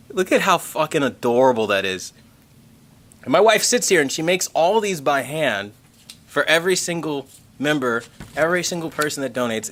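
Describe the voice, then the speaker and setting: A man hosting a tech livestream in casual chat, excitable and rambling, swearing casually and thanking members. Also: a little high. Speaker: tech channel host reading member messages on a livestream.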